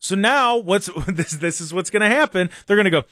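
A man hosting a casual talk show, animated and sarcastic, often dropping into mocking voices. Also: sits high, fairly quick, no echo, studio quality. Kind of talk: casual chat.

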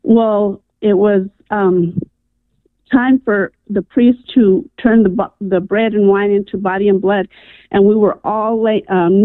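A woman calls in to a radio show and earnestly tells a personal story, saying "um" and "I'm like" a lot. Her voice is medium-pitched, with no echo. It comes through a telephone as a tinny, dry phone line.

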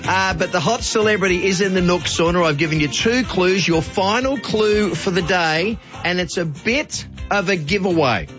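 A man's voice: sits high, normal speed, few pauses, fairly bright tone, highs cut off, faint music behind. A man with an Australian accent hosting talkback radio, chatty and playful, joking with callers. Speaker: radio host.

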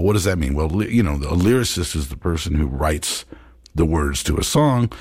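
A man's voice: deep voice, a little mellow, dry recording, clean studio sound. A man hosting a jazz radio show, musing in a loose, rambling way with plenty of fillers as he talks about records.

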